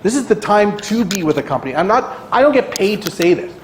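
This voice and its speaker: A man delivers an energetic motivational presentation as a guest speaker at a realty kickoff meeting, often asking "right?" and imitating anxious clients in high, quick bursts. The meeting room is echoey, and there's a little hiss or hum.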